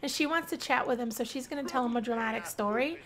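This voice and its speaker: A young woman hosting a life-sim game channel, giving excitable casual commentary with frequent squeals and laughter. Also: on the high side, fast talker. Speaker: gaming channel host. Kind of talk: casual let's-play commentary.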